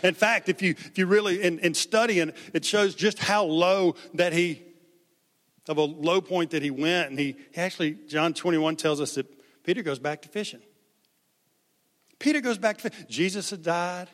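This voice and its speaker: A man's voice: sits high, normal speed, in a large hall. A man giving a sermon as pastor, talking conversationally and acting out the people in the story. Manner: conversational, animated, acts out quotes.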